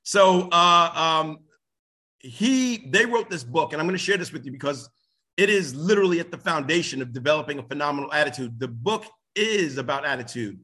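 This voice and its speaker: A man giving a live motivational talk to an audience, energetic and rambling, with many restarts and sudden excited outbursts. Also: brisk, breathy edge. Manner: energetic, jumps to high excited shouts. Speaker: motivational speaker.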